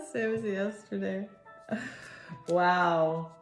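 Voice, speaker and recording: A woman giving a spontaneous tarot reading, awed and halting, with frequent sighs and restarts. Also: mid-range voice, very animated, soft background music. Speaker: tarot reader. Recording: roomy echo with faint noise.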